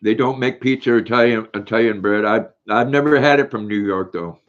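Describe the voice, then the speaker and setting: Older male livestream host, low and folksy, reading comments over muffled lo-fi audio. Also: brisk, fairly bright tone. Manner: folksy, repeats words while reading chat aloud. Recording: dull lo-fi stream audio.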